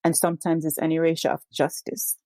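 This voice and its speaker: A woman's voice: deep voice, level tone, quick pace, mellow, no echo. A woman, a guest educator speaking earnestly and emphatically in a discussion. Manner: earnest and emphatic, frequent "yes".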